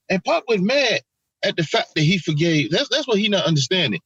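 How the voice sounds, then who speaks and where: A man co-hosting a casual podcast chat, talking in an animated, profane way and acting out quotes. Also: high-pitched, fairly quick, slightly rough, no room sound, muffled recording. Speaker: podcast co-host.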